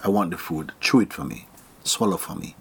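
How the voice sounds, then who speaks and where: A man from Jamaica giving a casual spiritual talk, animated and often laughing, sometimes sinking to a near whisper. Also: low-pitched, a little fast, gravelly, breathy edge.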